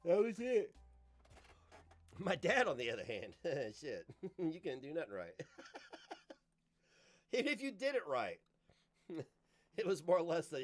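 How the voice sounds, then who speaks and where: A man streaming, giving casual reaction commentary in a loose, animated way and swearing freely. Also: a little high, slow pace, long pauses, soft background music.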